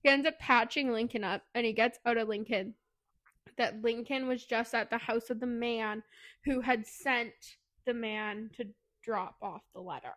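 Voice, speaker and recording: A woman co-hosting a podcast, retelling a book plot fast and animatedly, with swearing. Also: on the high side, a bit bright. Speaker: podcast co-host. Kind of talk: casual book recap.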